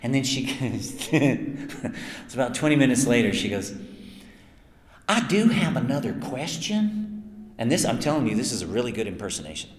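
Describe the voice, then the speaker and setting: A man's voice: mid-range voice, fairly quick. A man, a voice actor answering fan questions at a convention panel, telling long self-mocking stories and acting out quotes. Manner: chatty, self-mocking, lively anecdotes with acted quotes. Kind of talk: convention Q&A storytelling. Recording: echoey hall, some noise.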